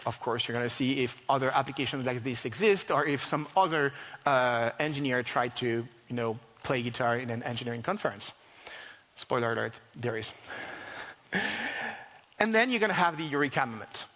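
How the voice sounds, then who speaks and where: A man giving a conference talk on software, animated and full of fillers and restarts. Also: medium pitch, brisk, big-room sound. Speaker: conference speaker. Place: large conference hall.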